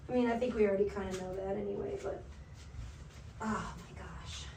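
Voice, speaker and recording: A woman's voice: medium pitch, steady tone, moderate pace, gravelly, warm tone, a little hiss or hum. A middle-aged woman live streamer in casual chat, talking candidly and emotionally to her viewers and swearing freely.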